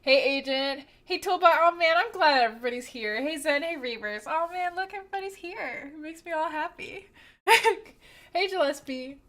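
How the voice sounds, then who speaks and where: A woman's voice: sits high, expressive, normal speed, a bit bright. A woman livestreamer chatting casually and greeting her viewers by name, giggling often.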